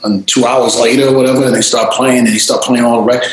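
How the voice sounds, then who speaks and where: A man telling stories in a casual interview, animated and freely swearing, acting out voices. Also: medium pitch, fast talker, heavy reverb, a little hiss or hum, low-quality recording. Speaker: interview guest, DJ and producer.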